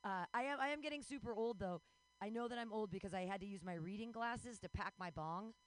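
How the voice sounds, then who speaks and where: A woman's voice: medium pitch, fairly quick, rough recording. A woman in her forties doing a bawdy, self-mocking stand-up set, breaking into squealing voices. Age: 40s. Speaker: stand-up comedian.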